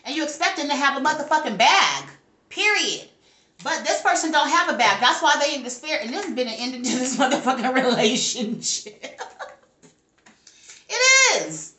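A woman's voice: high voice, expressive, brisk, bright, forceful tone, reverberant. A woman giving a casual tarot reading to camera, brash and profane, talking back to her spirits as she goes. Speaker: tarot reader.

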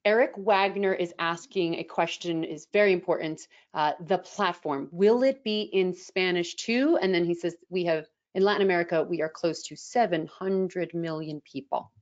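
Lower-voiced woman reading questions, muffled. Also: normal speed, few pauses. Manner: friendly, laughs often, reads questions aloud. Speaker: coach and co-host reading viewer questions. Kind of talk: casual Q&A hosting.

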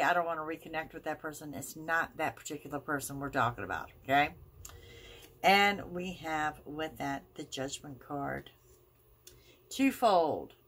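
Low-voiced woman reading tarot. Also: fairly bright tone, husky. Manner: reassuring, emphatic, drawn-out phrasing. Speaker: tarot reader.

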